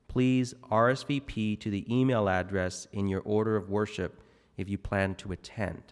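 A man with a fairly low voice reads the community notices at a service, clear and measured. A long hall reverb follows each sentence. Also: fairly even intonation. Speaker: service announcer. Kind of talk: reading announcements. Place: church hall.

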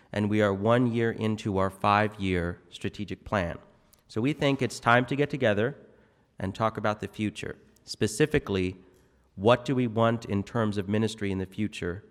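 Low-voiced man reading announcements. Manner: clear, measured and informative. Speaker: service announcer. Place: church hall. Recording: long hall reverb.

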